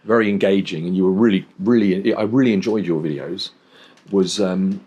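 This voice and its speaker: A middle-aged man co-hosting a casual podcast, chiming in with quick encouraging remarks. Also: deep voice, warm tone, slightly rough. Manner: encouraging listener, quick responses. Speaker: podcast co-host.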